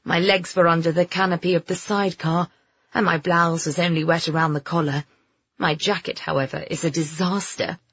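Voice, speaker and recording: A narrator voicing a bright, playful young upper-class woman in an audiobook. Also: a little fast, breathy edge, no room sound, highs cut off. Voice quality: lighter, higher, lively. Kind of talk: audiobook character voice.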